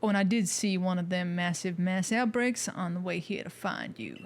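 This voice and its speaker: A woman's voice: on the low side, very animated, moderate pace, a little hiss or hum. A woman voicing a young man with a put-on American Southern drawl, reading game dialogue with folksy hillbilly talk.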